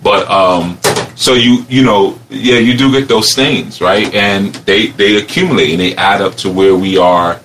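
Low-voiced man telling a rambling story. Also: measured pace, slight background noise. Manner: rambling, animated, laughs often. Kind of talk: reflective personal storytelling.

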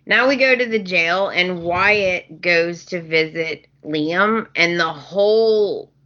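Woman co-host, casual podcast recap, unhurried delivery, bright tone, slightly dull sound. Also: lowish voice. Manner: slow, laughing, acts out the characters' lines. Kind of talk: casual chat recapping a soap opera.

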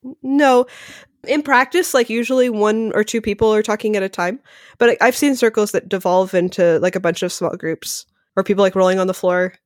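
A woman's voice: medium pitch, no room sound, clean studio sound. A woman guest on a podcast, chatting casually and animatedly, with a lot of "like" between her words. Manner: rapid and animated, heavy use of "like". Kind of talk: casual conversational interview.

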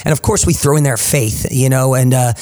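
A man's voice: mid-range voice, steady tone, fairly quick, a little mellow. A man with a New Jersey accent hosting a podcast, talking with hype and motivational energy. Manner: hype, motivational, calls people man and boss. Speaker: podcast host. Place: studio.

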